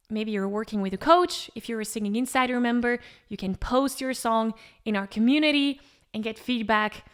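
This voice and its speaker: A woman vocal coach explaining pitch step by step in an encouraging way, with short sung demonstrations. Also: fairly bright tone, clean tone. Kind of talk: singing lesson with sung demonstrations.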